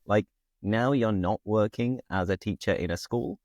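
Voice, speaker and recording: A British man hosts a relaxed interview, asking friendly, curious questions with easy fillers. His voice is very deep, and the sound is dry and close. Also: moderate pace, no room sound. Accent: British English. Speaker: host, English teacher. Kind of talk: casual interview.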